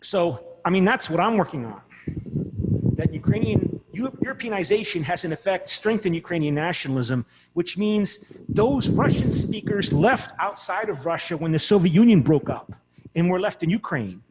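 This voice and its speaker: A man giving an informal university lecture in an animated, rambling way, often breaking off mid-word. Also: high-pitched, moderate pace, big-room sound, very noisy. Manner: animated, rambling, self-interrupting. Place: classroom.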